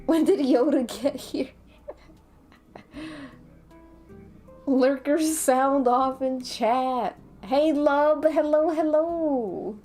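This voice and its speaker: A woman's voice: high voice, extremely slow, pauses often, dark tone. A woman with a light Latina accent, chatting casually with her stream chat in a playful, talkative way. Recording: faint background music.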